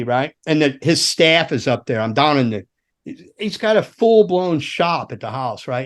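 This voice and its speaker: A man, a former roadie and guitar tech, telling a story on a podcast in a lively, profane way and acting out the scenes. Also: mid-range voice. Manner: animated, profane storyteller who acts out scenes.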